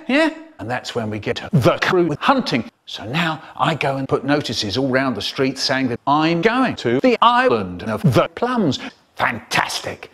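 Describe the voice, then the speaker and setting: A man telling a comic story in an animated way, with sudden high bursts. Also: slightly rough. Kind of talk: comic storytelling, spliced clips.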